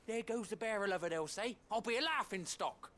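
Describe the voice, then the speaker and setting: An actor playing a bitter, bigoted villager in a video game, grumbling resentfully. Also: male voice, high-pitched, expressive, a little fast, fairly bright tone.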